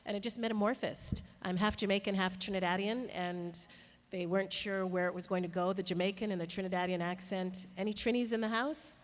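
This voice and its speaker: A woman guest on a voice actor panel, telling stories in an animated way with frequent laughs. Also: medium pitch, brisk. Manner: warm, laughing, animated storytelling. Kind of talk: panel talk. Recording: reverberant convention hall.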